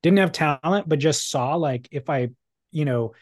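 A man's voice: fairly high pitch, normal speed, dry recording, clean studio sound. A man co-hosting a casual podcast, reading listener mail aloud with a wry, joking manner. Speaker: podcast co-host.

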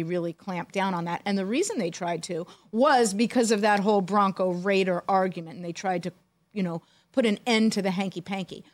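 A woman co-hosting a podcast, a former team executive telling animated stories with dry jokes. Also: mid-range voice, no echo. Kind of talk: casual storytelling chat.

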